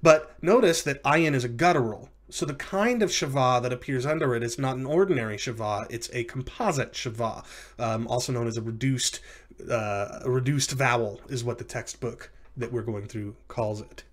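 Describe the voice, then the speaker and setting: A man teaching a recorded language lesson in a mid-pitched voice. He walks through each example carefully, pausing with fillers and correcting himself as he goes. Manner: explanatory, with frequent fillers and self-corrections. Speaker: lecturer.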